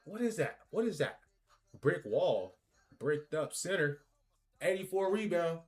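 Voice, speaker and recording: A man giving excitable, laughing, slangy pack-opening commentary, talking to the game and cards as he goes. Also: on the high side, unhurried. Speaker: gaming video creator.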